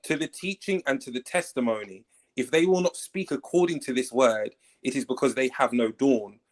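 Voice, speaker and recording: A man's voice: mid-range voice, moderate pace, low-quality recording. A man in a casual online panel debate, reading scripture aloud at length and arguing his reading.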